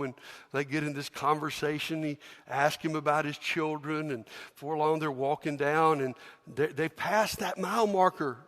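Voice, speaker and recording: Pastor preaching in echoing church. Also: male voice, a little high, normal speed. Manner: animated storytelling, acts out scenes. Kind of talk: sermon. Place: large church. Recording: long church hall reverb.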